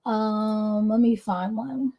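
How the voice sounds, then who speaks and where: A woman's voice: medium pitch, steady tone, takes it slowly, dark tone. A woman giving casual motivational business coaching, chatty and talking straight to her listeners. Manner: chatty, addresses listeners directly, frequent "right?".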